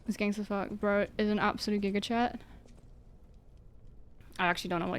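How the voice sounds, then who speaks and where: A woman's voice: mid-range voice, steady tone, fairly quick. A woman streaming a game and chatting casually, joking and laughing often as she tires from playing on a dance pad. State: tired from exertion. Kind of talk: casual live-stream chat while gaming.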